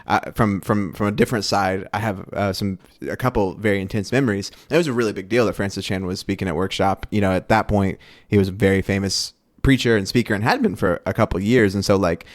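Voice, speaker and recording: Low-voiced man telling animated stories. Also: fast talker, few pauses. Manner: animated anecdote-telling, many fillers. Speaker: podcast co-host. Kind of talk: casual conversation, storytelling.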